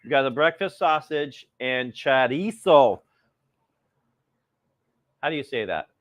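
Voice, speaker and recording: A man's voice: medium pitch, lively intonation, takes it slowly, dry recording, clean studio sound. A middle-aged man hosting a live cooking stream, rambling casually and greeting viewers by name, a little cold.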